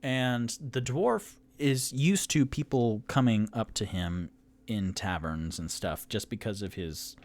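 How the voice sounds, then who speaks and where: A man's voice: lowish voice, slow, darkish tone. A man running a tabletop game on his own, narrating casually with many fillers. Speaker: game master and sole player.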